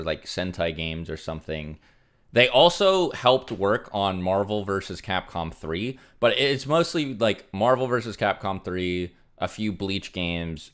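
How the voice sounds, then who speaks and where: A man's voice: low-pitched, fairly bright tone, clear, resonant tone. A young man casually chatting on a livestream, rambling with many fillers as he reads out donations. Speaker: streamer.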